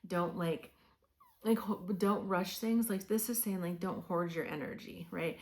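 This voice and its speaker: A woman's voice: on the low side, unhurried. A woman giving a casual tarot reading, talking in a loose conversational way with many fillers, encouraging the listener. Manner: encouraging, coaching tone. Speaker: tarot reader.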